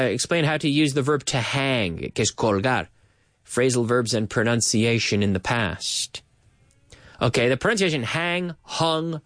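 A man hosting a casual radio show that teaches English to Spanish speakers, explaining words slowly and switching to Spanish glosses. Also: mid-range voice, a bit bright, dry recording, studio quality.

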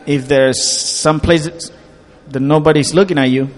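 A man's voice: on the high side, steady tone, a little slow. A man with a slightly raised voice interpreting a sermon line by line. He trails off and restarts words now and then, and laughs easily with the preacher.

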